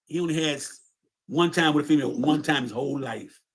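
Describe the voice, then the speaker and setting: A man's voice: fairly high pitch, fast talker. A man telling a long story in casual, profane street talk, often repeating his words.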